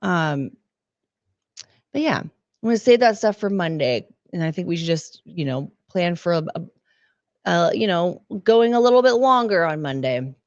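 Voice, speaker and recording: A woman with a hoarse, sick voice, hosting a stream in casual, halting, rambling chat that pokes fun at herself. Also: fairly low pitch, animated, darkish tone, no echo, dull audio. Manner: rambling, halting, self-deprecating. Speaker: streamer host.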